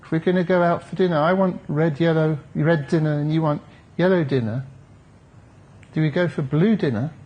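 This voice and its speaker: A man's voice: on the high side, moderate pace, highs cut off. A man, a therapist, giving a conference talk in a reflective, conversational way with wry asides to the audience. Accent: British English.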